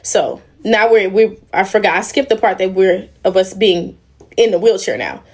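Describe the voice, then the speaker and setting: A woman's voice: mid-range voice, expressive, normal speed, darkish tone. A young woman on a casual livestream, talking emotionally and in a rambling way straight to her viewers. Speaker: livestream host.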